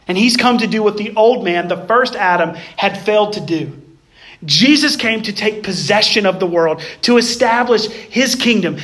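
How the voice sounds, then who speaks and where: A man preaching a sermon, emphatic, swinging between raised passages and hushed ones, and addressing the listeners as "guys". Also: sits high. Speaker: pastor.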